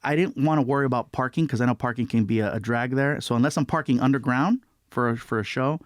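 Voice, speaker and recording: Animated man telling a story. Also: medium pitch, quick pace, dry recording, studio quality. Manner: animated, acts out quotes in put-on voices. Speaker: comedian guest. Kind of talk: storytelling chat.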